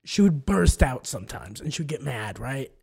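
A man co-hosting a podcast in casual chat, an animated storyteller who laughs often and acts out what people said. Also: medium pitch, moderate pace, creaky, breathy edge. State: has an ear infection. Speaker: podcast co-host.

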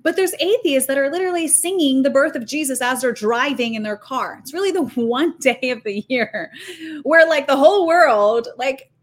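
A woman guest on a faith podcast, talking in an animated, emphatic, preachy way, fast and full of restarts. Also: high voice. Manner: talks fast with many restarts and fillers. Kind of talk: faith-based podcast conversation.

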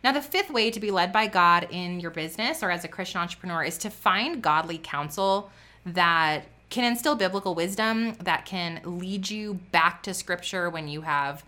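A woman's voice: fairly low pitch, expressive, normal speed, sharp tone. A woman in her thirties giving a fervent, preachy motivational talk on faith and business, with a lot of repetition and "like".

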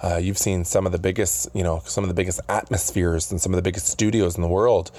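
A man's voice: deep voice, flat delivery, fast talker, darkish tone. A man hosting a podcast interview, rambling and chuckling between restarts. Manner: rambling, full of fillers and chuckles. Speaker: podcast host. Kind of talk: casual interview chat. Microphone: studio booth mic.

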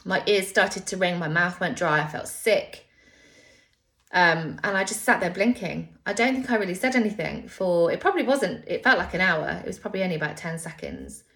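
A woman's voice: on the low side, very animated, moderate pace, a bit bright. A woman telling a personal story candidly and with emotion, sometimes swearing.

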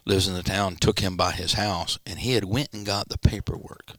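A man, a pastor, telling a personal story in an interview and acting out the quoted dialogue with sudden pitch jumps. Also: steady tone, normal speed, a bit bright, no room sound, studio quality. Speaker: pastor, guest. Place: church studio.

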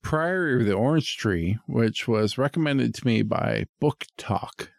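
A man's voice: medium pitch, lively intonation, measured pace, vocal fry, no room sound, clean studio sound. A man co-hosting a podcast from a basement, swearing freely, cracking crude jokes and ranting casually. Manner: profane, jokey, does silly quoted voices. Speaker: podcast co-host. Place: basement studio.

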